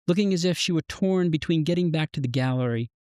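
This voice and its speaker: A man's voice: fairly high pitch, clear, resonant tone, dry recording. Man reading his own fiction, dry and close. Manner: measured, even narration. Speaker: author reading his story.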